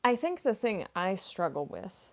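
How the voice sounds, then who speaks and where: A woman's voice: mid-range voice, sing-song, measured pace. A voice actress chatting casually on a livestream, answering viewer comments. She fills her talk with "like" and "um", and she is a classically trained singer. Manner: chatty, many fillers like "like" and "um". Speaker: voice actress and streamer.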